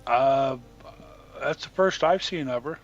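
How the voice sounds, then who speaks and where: A man's voice: mid-range voice, takes it slowly, lo-fi sound, faint music behind. A man co-hosting a livestream, chiming in with short remarks and questions. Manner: chimes in briefly with remarks and questions. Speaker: livestream co-host. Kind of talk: casual chat.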